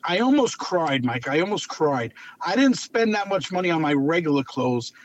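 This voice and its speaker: A man, a clown telling lively stories as an interview guest and repeating phrases for emphasis. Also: a little high, normal speed. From Long Island, New York. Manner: animated anecdotal storyteller, repeats phrases for emphasis. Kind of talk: casual storytelling interview. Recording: dull lo-fi audio.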